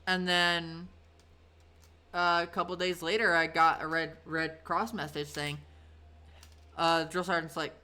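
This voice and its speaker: A woman's voice: fairly low pitch, level tone, a little slow, long pauses, pushed and bright, clear, resonant tone. A woman in her thirties streaming from home, telling stories in a chatty, rambling way, full of fillers and casual swearing. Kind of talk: casual storytelling on a live stream.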